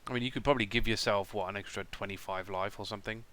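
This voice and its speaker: A man playing a tabletop game, chatting casually and reacting loudly to events. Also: lowish voice, steady tone, very fast. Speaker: player.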